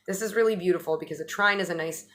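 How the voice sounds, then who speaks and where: A woman's voice: lowish voice, rapid-fire, a bit bright. A woman giving a casual astrology update, chatty and loose, restarting phrases and swearing now and then. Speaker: astrologer vlogger.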